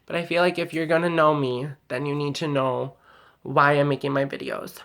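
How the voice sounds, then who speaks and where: A woman's voice: deep voice, fairly even intonation, normal speed, fairly bright tone. A woman talking straight to camera in a personal vlog, heated and venting, sometimes close to tears. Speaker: vlogger.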